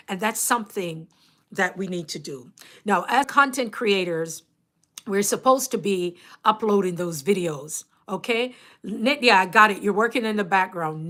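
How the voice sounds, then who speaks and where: A woman with a Jamaican accent, hosting a casual livestream and chatting to her viewers, animated and laughing often. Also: mid-range voice. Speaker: YouTube coach and livestream host.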